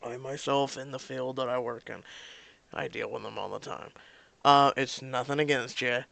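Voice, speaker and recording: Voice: mid-range voice, steady tone, normal speed, creaky, a bit bright, no room sound. A vlogger ranting casually about mobile story games, exasperated and swearing freely. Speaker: mobile game recap vlogger.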